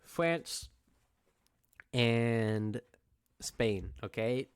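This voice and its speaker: A man's voice: medium pitch, lively intonation, extremely slow, clean tone. A young man, a teacher giving a recorded review lecture, laid-back and repetitive, often checking in with "okay?". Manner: casual, repeats points and checks in with "okay?".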